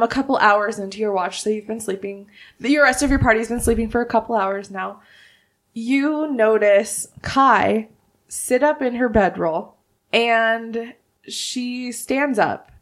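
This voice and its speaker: A woman narrating a tabletop role-playing game as game master, telling the story in a measured way. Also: fairly high pitch, a bit bright.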